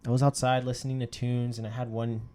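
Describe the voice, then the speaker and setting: A man co-hosting a casual podcast, telling a ghost story in an animated way, swearing freely and acting out what people said. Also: mid-range voice, fast talker. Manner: animated, swears a lot, acts out quotes. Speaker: podcast co-host.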